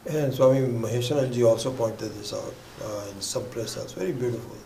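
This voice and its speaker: A man's voice: medium pitch, fairly quick, creaky, warm tone, slight background noise. A man teaching a scripture class, rambling with many fillers and restarts, sometimes dropping almost to a whisper. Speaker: spiritual teacher. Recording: echoey room with faint ambience.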